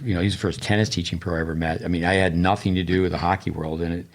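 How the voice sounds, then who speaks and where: A man's voice: sits low, little pitch movement, racing. An older man, a tennis coach and podcast co-host, telling long digressive stories in casual chat, with many restarts.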